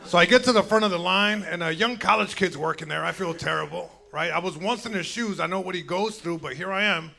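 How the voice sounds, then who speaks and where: A man's voice: high-pitched, brisk, creaky, hardly any pauses, background noise. A young man doing a stand-up comedy set, telling a story casually and acting out both sides of the dialogue. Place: comedy show venue with live audience. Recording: loud crowd laughter.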